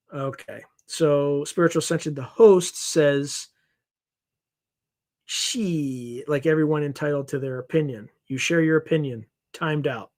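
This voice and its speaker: A male livestream host reads chat comments and reacts to them in a rapid, wired rush. His voice sits a little high for a man and swings between loud bursts and low asides. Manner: wired on caffeine, rapid and animated.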